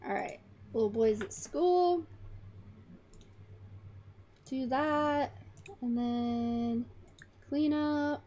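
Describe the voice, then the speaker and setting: A woman's voice: sits high, extremely slow, long pauses, warm tone, slight background noise. A woman hosting a gaming channel, chatting casually to her characters as she plays. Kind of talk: casual life-sim gameplay commentary.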